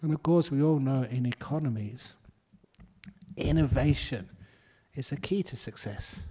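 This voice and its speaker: A man's voice: mid-range voice, measured pace, dark tone, slightly rough. A man, a Buddhist monk, giving a humorous dharma talk in a chatty way and laughing at his own stories.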